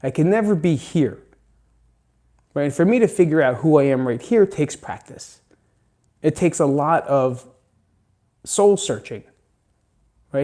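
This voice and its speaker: A man's voice: fairly high pitch, mellow. A man hosting a casual motivational monologue, rambling and candid, swearing freely and drifting into side remarks. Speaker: host.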